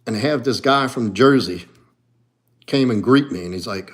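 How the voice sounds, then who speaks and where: This livestream features a middle-aged martial arts coach with a New Orleans accent, chatting casually and responding to comments at normal speed. Blunt and foul-mouthed, he moves from low muttering to sudden animated bursts.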